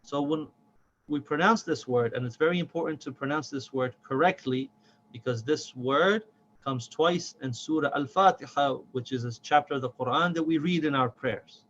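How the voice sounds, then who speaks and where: A man teaching a recorded reading lesson, who patiently breaks words into syllables and repeats them slowly. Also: fairly high pitch, fairly bright tone, highs cut off, a little hiss or hum.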